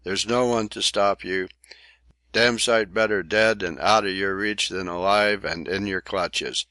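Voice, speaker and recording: A man voicing an enraged young sailor shouting defiance at his captain, screaming at the top of his lungs. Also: low-pitched, steady tone, a little slow, no room sound. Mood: raging.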